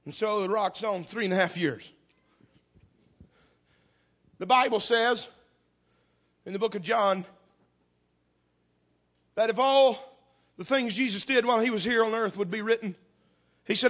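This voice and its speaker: A man's voice: high-pitched, a little slow, long pauses, fairly bright tone. A man preaching a sermon at a church service, impassioned and repeating words as he builds.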